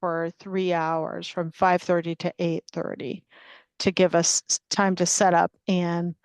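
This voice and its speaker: A woman who is sick and tired opens a remote public meeting over a video call, talking haltingly with many fillers and restarts. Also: on the low side, flat delivery, smooth, no echo. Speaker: commission member opening a public meeting.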